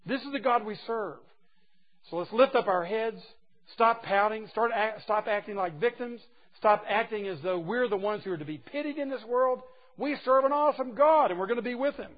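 High-voiced man preaching a sermon. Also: moderate pace, muffled recording. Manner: emphatic, swings from loud exclamations to hushed asides; folksy, teasing asides. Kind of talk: sermon to a men's gathering.

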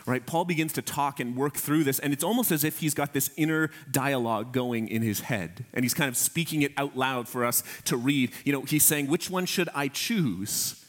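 Earnest and emphatic, this mid-range male voice belongs to a pastor addressing his congregation directly during a sermon, easing his pace on the phrases that matter most.

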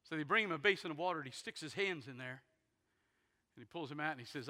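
Give me a male pastor with a sharp, bright voice, telling a story from the pulpit with sudden loud and hushed turns. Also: a little high, lively intonation, fast. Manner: dramatic retelling that swings between loud bursts and hushed near-whispers. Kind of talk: sermon storytelling. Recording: long hall reverb in a big sanctuary.

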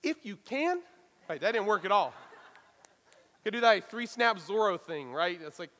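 High-voiced male pastor in a reverberant hall. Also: moderate pace. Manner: conversational, animated, self-deprecating humor. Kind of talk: sermon.

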